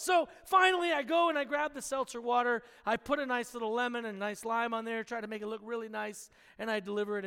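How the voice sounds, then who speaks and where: A male pastor from Pennsylvania with a very high voice, preaching a Sunday sermon and leading prayer. He tells stories in a lively way and keeps checking in with the congregation. His voice rings with a long reverb through a church hall. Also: smooth. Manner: storytelling, lively, asks the congregation for agreement. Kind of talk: sermon with opening prayer and story. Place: church sanctuary.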